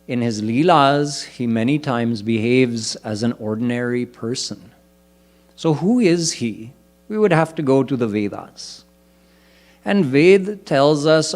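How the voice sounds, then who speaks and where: Slow, measured male spiritual teacher. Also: mid-range voice. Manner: slow, deliberate explanation of scripture, chanting verses in between. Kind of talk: sermon.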